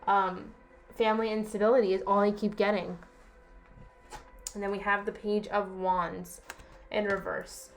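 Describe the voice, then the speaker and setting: A woman's voice: medium pitch, little pitch movement, moderate pace, slight background noise. Chatty woman giving a tarot reading. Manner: chatty, reassuring, repeats herself, asks "okay?". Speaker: tarot reader. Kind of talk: casual tarot reading to camera.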